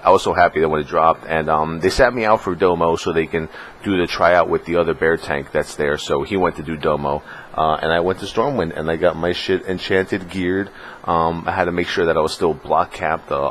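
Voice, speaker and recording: A man with a deep, low voice chats casually on his gaming vlog late at night at home. He rambles through plenty of fillers and gets excitable about the game. A faint hum sits behind him. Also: a little fast. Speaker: gaming vlogger. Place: home room in California.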